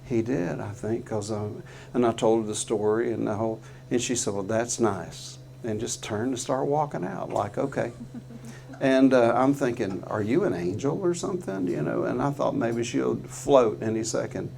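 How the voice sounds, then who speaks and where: A middle-aged man telling an earnest, folksy story to a live audience in a guitar showroom, halting often with fillers. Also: medium pitch, vocal fry, darkish tone.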